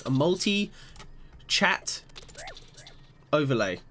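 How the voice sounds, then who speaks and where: A man's voice: fairly high pitch, drawn-out words, slight background noise. A young man chatting with his live-stream viewers as he plays, rambling and joking at himself. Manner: rambling, self-mocking, animated. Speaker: gaming streamer. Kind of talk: live-stream chat while gaming.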